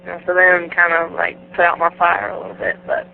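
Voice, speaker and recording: A woman guest on an interview, telling stories in a casual, animated way, laughing often and acting out the people in them. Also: fairly low pitch, brisk, vocal fry. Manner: animated, laughing, acts out the voices in her stories. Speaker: guest wrestler. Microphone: phone. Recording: tinny phone line, faint hiss.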